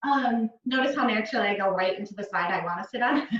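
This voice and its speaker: A woman's voice: medium pitch, fast talker, fairly bright tone. A woman teaching a pilates mat class, counting out reps in rhythmic cues and adding chatty asides. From Netherlands. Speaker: pilates instructor. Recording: roomy, distant, dull sound.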